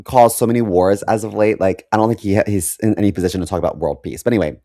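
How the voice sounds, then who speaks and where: A man's voice: on the low side, very fast, warm tone, dry recording, studio quality. A man co-hosting a podcast in casual chat, hesitant with many ums and wry asides. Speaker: podcast co-host.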